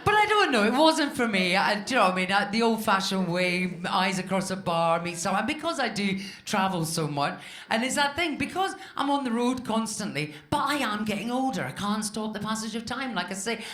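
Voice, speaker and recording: A woman in her fifties from Scotland works a club crowd with a stand-up set, her pitch swinging up and down as she chats. She is chatty and self-mocking, and the echoey room carries bursts of audience laughter behind her. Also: expressive, fairly quick, fairly bright tone. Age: 50s. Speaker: stand-up comedian. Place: comedy club stage.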